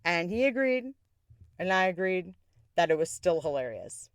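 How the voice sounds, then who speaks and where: A woman hosting a podcast, telling a personal story in a candid way, swearing freely and jumping up in pitch for emphasis. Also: very animated, moderate pace, no echo, clean studio sound. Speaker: podcast host. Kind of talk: casual storytelling.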